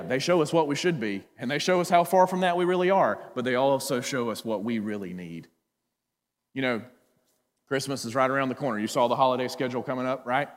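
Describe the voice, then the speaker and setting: A male pastor preaching a sermon, animated, swinging between loud emphasis and quiet low asides. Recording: hall with long reverb.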